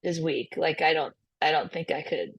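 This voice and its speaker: A woman with a lowish voice chats as a podcast guest in a relaxed, way. She laughs easily and fills her talk with ums, likes and restarts. The sound is close and dry, with no room around it. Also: moderate pace, breathy edge, dry recording. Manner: laughs often, many fillers and restarts. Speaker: podcast guest, musician and producer. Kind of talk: casual interview chat.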